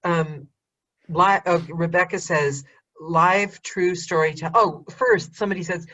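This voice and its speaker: A woman hosting a casual interview over a video call, chatty and animated, often restarting her sentences and laughing. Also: on the low side, a little slow, highs cut off. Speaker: host.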